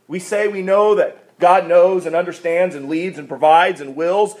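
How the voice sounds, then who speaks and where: High-voiced man preaching a sermon. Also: animated, normal speed. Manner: rhetorical questions, big swings between loud emphasis and quiet asides. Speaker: pastor.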